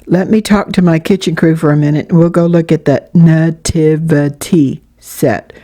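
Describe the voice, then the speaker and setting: A woman voicing a patient mother who speaks gently and coaxingly. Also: on the low side, steady tone, quick pace, lightly acted. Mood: gentle. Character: patient mother running a farm produce stand.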